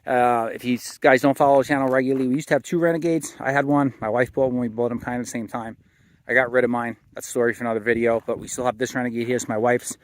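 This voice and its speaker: This casual walkaround vlog features its host, a married adult with a son, talking fast at medium pitch with fairly even intonation. He rambles a little, full of fillers and restarts, and there's slight background noise.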